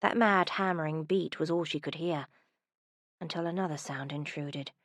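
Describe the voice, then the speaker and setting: Audiobook narrator, female, lowish voice, soft and intimate, dry close sound. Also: normal speed, dry recording. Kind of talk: scripted romance narration.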